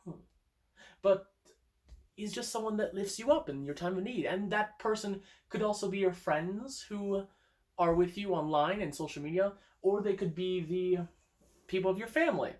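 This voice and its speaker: A young man's high, slightly mellow voice moves at normal speed as he plays guitar at home for a stream. The amateur songwriter chats casually, thinking aloud and restarting hesitantly, and the audio comes from a phone.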